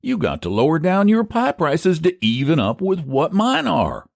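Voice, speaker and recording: A man's voice: on the high side, wildly swooping pitch, moderate pace, gravelly, no echo, pitched above the performer's own voice, full character voice. A man voicing a sly, scheming older rural pie seller with a rural American dialect and a folksy drawl. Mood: coaxing. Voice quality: folksy drawl, old-fashioned country grammar.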